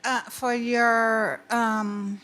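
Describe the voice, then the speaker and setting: Woman, slow, flat, hesitant, distant off-mic in meeting room. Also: fairly high pitch. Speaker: audience member asking a question. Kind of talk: question from the floor. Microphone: off-mic, far from the microphone.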